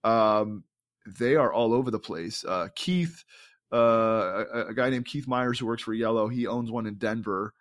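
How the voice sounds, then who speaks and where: Lowish and measured, this male podcast co-host rambles enthusiastically through a story in casual conversation, with plenty of fillers and restarts.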